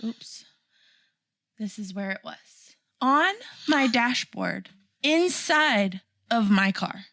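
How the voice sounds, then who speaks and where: A woman co-hosting a podcast, telling an animated story with frequent laughter. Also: a little high, slow pace, creaky, pauses often, no room sound. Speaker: podcast co-host. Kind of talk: casual chat, storytelling.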